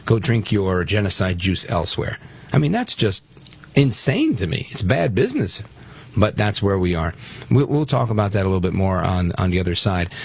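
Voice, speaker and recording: A man's voice: lowish voice, sing-song, fairly quick, gravelly, breathy edge. A man from Brooklyn guest-hosting a political talk radio show, speaking emphatically and taking callers. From Brooklyn, New York. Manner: emphatic, conversational, takes callers.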